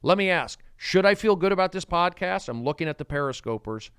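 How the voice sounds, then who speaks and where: Brief: male livestream host, erratic, lively pitch, dry close phone sound, talks to viewers. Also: brisk, clean tone, no echo. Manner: erratic, swings between shouting and mumbling. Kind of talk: rambling solo livestream chat.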